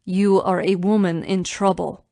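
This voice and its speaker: A woman's voice: medium pitch, little pitch movement, unhurried, vocal fry, mellow, dry recording, clean studio sound. A woman reading an audiobook voices a confident, protective Russian man who owns a nightclub, speaking in a firm, clipped way with a Russian accent. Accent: Russian, as put on.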